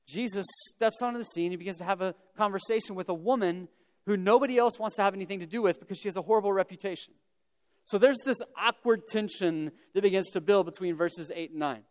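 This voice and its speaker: High-voiced pastor in an echoing hall. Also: male voice, fast talker. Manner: conversational storytelling with casual humorous asides. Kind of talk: sermon. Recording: long reverb of a large hall.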